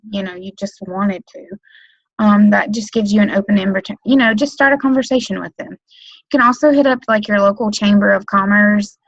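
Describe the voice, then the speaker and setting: Speaking at a medium pitch, this direct sales consultant trains new recruits on a webinar, wandering off-topic and filling gaps with "um," "like," and "you know." Her computer mic picks up no echo, but the high frequencies are cut off.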